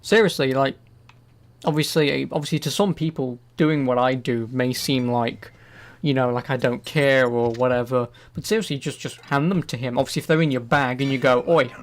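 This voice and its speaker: A man's voice: medium pitch, steady tone, normal speed. An English man giving rambling, sweary, jokey commentary while streaming a game. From England. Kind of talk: casual gaming commentary.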